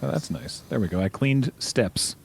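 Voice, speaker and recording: A man's voice: medium pitch, expressive, moderate pace, creaky, darkish tone, slight background noise. A man hosting a multiplayer game stream, chatting casually and explaining the game to viewers step by step. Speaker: stream host. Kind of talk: casual gameplay chat.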